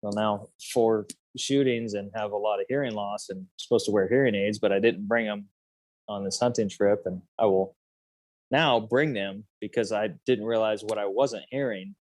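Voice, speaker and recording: Low-voiced man in his 30s. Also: steady tone, normal speed, darkish tone, dry recording. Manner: loose and rambling, heavy on fillers and "dude". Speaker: podcast guest. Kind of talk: casual storytelling.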